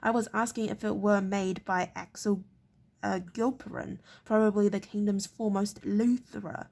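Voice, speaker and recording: A haughty, thin-skinned castle lord, as a woman reads him aloud from a storybook, stern and clipped. The voice is gravelly with a husky edge. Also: mid-range voice, steady tone, moderate pace, darkish tone. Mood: irritable. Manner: stern and clipped, often stumbling on words.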